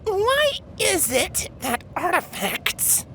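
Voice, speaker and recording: A woman's voice: fairly high pitch, wildly swooping pitch, moderate pace, bright, forceful tone, a little hiss or hum, full character voice. A woman voicing a boastful, showy female unicorn mare in a fanfiction reading, who talks about herself in the third person and exclaims dramatically. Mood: exasperated.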